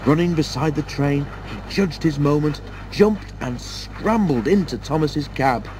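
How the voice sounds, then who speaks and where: A man narrating a children's railway story in a steady, measured storytelling voice. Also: on the high side, a little hiss or hum. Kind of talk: storybook reading.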